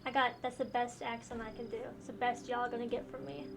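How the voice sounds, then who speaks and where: A young woman streaming a game, making casual, low-key asides and swearing freely. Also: level tone, fast, over music. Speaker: gaming streamer. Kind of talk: let's play commentary.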